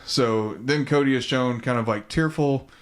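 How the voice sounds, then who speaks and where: A podcast co-host, a man with a mid-range voice talking at normal speed, casually retells a movie plot. He's laid-back and profane, packing in plenty of ums, likes and swearing.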